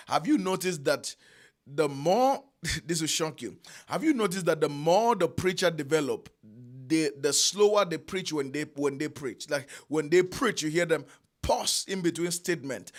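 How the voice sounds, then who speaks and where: A man preaching a sermon, emphatic, repeating phrases and drawing out key lines with long pauses. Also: a little high.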